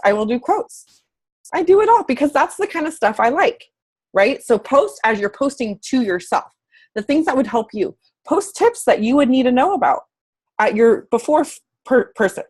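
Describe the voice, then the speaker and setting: Woman coach rambling to the camera, chatty and real, swears a bit, kinda high voice. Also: darkish tone, husky. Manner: candid, chatty, swears casually. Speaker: fitness coach. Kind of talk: casual motivational talk to camera.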